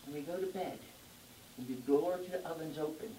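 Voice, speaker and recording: A preacher delivering a sermon to a congregation, joking and rising to loud emphasis. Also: mid-range voice, a little fast. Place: church before a congregation. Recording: roomy echo, distant mic, faint noise.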